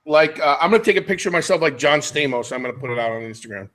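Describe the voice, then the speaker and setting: A middle-aged man hosts a podcast in loose, casual chat. He rambles and cracks jokes, hopping from tangent to tangent. His voice sits a little high for a man. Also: expressive, rapid-fire, fairly bright tone. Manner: rambling, jokey, jumps between tangents. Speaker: podcast host.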